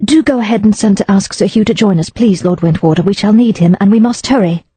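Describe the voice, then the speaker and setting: A woman narrator voicing a quick-witted young woman sleuth, brisk and persuasive. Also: medium pitch, dark tone, slightly rough, no echo, pitched above the performer's own voice, lightly acted. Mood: eager.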